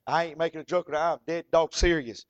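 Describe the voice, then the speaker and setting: A man's voice: a little high, steady tone, a little fast. A man preaching a folksy, fervent sermon. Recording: dull lo-fi recording.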